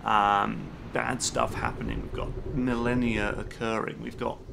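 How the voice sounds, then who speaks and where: Gravelly low-voiced man streaming a game. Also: very animated, a little slow, background noise. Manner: reads on-screen game text aloud between joking asides. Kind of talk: live stream game commentary. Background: game music.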